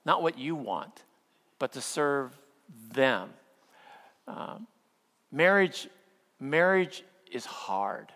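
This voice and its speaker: A middle-aged male pastor preaching a sermon, telling stories with playful humor and acting out quotes, then slowing down for earnest points. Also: mid-range voice, fairly bright tone. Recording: long hall reverb.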